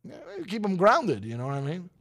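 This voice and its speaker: A man with a raspy voice hosting a morning radio show, rambling and joking with his co-hosts. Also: very animated, brisk, a bit bright. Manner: jokey, rambling, sometimes drops to a low corporate voice. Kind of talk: casual morning show banter.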